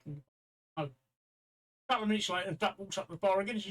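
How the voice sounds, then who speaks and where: A man with a high voice hosts a casual live stream. He trades cheeky banter with his co-hosts and tells long, silly jokes. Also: very fast, pushed and bright, poor audio. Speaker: host.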